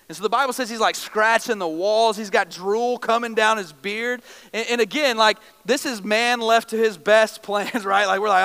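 Guy preaching, high-ish smooth voice, super casual storytelling, big hall echo. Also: bright, forceful tone. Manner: casual storytelling preaching, acts out characters in slangy paraphrase. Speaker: pastor. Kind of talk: sermon.

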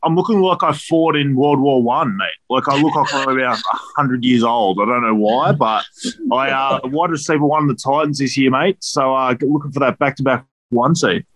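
A man's voice: mid-range voice, moderate pace, a bit bright, no echo, rough recording. A man co-hosting a casual podcast, trading crude jokes and banter. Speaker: podcast co-host. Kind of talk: casual chat.

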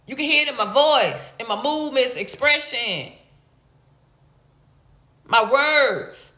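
A comedian from Atlanta talks straight to her viewers, her high, bright voice lively and playful as she stretches out teasing repeats. The room around her rings with noticeable echo. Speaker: stand-up comedian. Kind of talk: casual vlog reading viewer comments.

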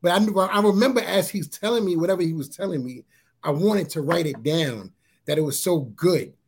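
A man sharing a personal testimony in a casual interview, halting and repeating his words as he tells it. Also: husky. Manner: halting, repeats words, often says "you know what I'm saying"; grows animated at high points.

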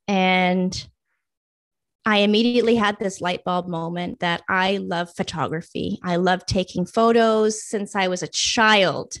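A woman's voice: medium pitch, fairly even intonation, slow, dry recording, clean studio sound. A young adult woman, a guest in a casual interview, telling her own story and acting out past thoughts and friends' lines.

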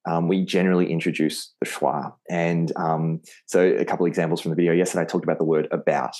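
A man's voice: low-pitched, little pitch movement, fast, a little mellow. A man with an Australian accent, a podcast guest who teaches Spanish, explaining patiently and repeating words to show how they sound. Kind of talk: podcast interview.

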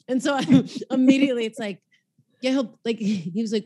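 A woman's voice: medium pitch, lively intonation, quick pace, warm tone, no echo, studio quality. A young woman hosting a comedy podcast, talking frankly and crudely in a casual chat and quoting others.

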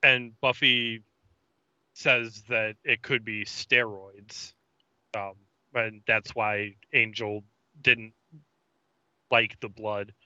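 A man in a casual podcast chat, recapping an episode slowly with many ums and uhs. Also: fairly low pitch, fairly even intonation, sharp tone, smooth, no echo. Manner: halting narration full of ums and uhs. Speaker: podcast co-host. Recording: dry, dull lo-fi mic.

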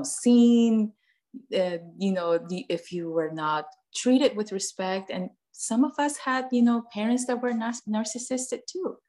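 Woman guest, earnest and repetitive, mid pitch, conversational. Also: a little mellow. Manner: earnest, repeats phrases, acts out parent and child voices. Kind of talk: casual podcast conversation.

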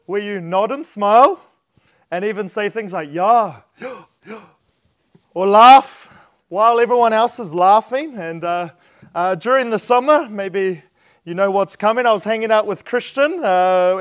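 A man with a New Zealand accent preaching a sermon in a church, in a relaxed, chatty and self-deprecating way. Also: high-pitched.

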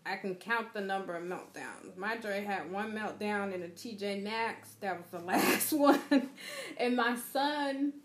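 A woman's voice: medium pitch, reverberant. A woman co-hosting a podcast, speaking emphatically and opinionated, with colloquial grammar. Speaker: podcast co-host. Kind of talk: casual podcast chat. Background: faint ambient noise, family sounds.

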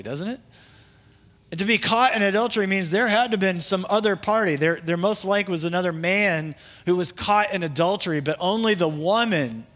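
A man's voice: high voice, fairly bright tone. A man pastor preaching a sermon in a conversational way, with asides and restarts.

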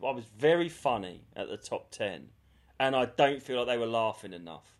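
A man's voice: mid-range voice, expressive, moderate pace. A man working as a comedy MC, chatting casually with blunt, crude, dry banter. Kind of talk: casual chat.

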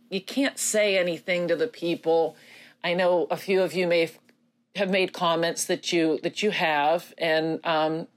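A middle-aged woman speaking earnestly as a grieving mother to others who have lost children, halting and close to tears, with many pauses and fillers. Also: sits low. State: emotional, near tears. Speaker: bereaved mother addressing grieving parents. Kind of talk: personal video message.

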